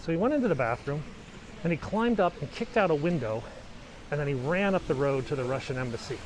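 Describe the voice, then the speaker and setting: A middle-aged man strolls a snowy city street and talks casually to his handheld camera. His voice sits a touch high, and he rambles from one anecdote to the next. Faint street noise and passing cars hum behind him. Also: expressive, quick pace, poor audio. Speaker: vlogger. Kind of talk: casual walking tour commentary.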